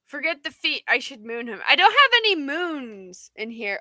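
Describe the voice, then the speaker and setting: Young woman, livestream host; high, rambly, replies to chat. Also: very animated, normal speed, pushed and bright, no echo. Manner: chatty, rambling, answers viewer comments. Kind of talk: casual live chat.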